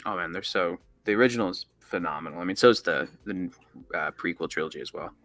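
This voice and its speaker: A man's voice: sits low, fast, fairly bright tone. A man appearing as a podcast guest, eager and talkative, often stumbling into restarts. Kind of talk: casual film chat.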